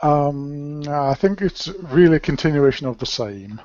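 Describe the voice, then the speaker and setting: A man plays a tabletop game over voice chat in a casual, joking way. His pitch sits in the middle. The audio is dry and sounds dull and lo-fi. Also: lively intonation, measured pace, darkish tone, no echo. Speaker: player.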